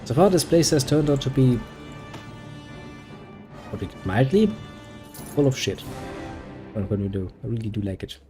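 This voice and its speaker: A man's voice: mid-range voice, very animated, moderate pace, pauses often, over music. A man with a German accent giving casual, sarcastic gameplay commentary as a streamer, rambling and swearing freely. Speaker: gaming streamer.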